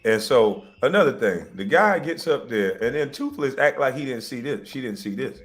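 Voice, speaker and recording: A man's voice: medium pitch, expressive, moderate pace. Defiant man ranting on his livestream. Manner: defiant, insistent, repeats himself for emphasis. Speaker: livestream host. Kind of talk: heated livestream rant.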